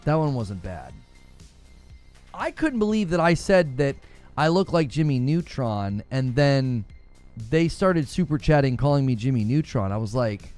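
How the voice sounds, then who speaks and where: A man's voice: medium pitch, sing-song, measured pace, darkish tone, faint music behind. A man, hosting a gaming livestream, joking with his chat and laughing often. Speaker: gaming channel host.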